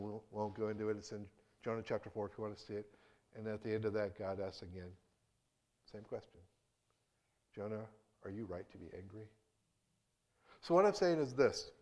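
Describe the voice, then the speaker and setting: A male preacher delivers a sermon at an average pitch, talking conversationally rather than orating. He drops to a hush for gentle points and rises with emphasis for dramatic ones, with restarts along the way. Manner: conversational, with restarts and quoted dialogue, swinging between hushed and emphatic.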